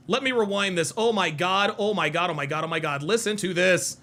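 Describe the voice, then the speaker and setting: A man hosting a reaction video, talking in an animated, mocking and profane way and repeating himself for emphasis. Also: high-pitched, fast, few pauses, slight background noise. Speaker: host reacting to clips. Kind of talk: reaction commentary.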